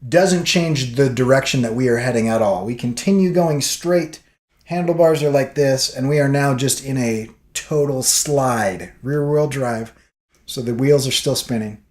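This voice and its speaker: A man's voice: medium pitch, measured pace, reverberant. A man vlogging, telling a story casually and acting out what people said. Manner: animated storyteller acting out quotes.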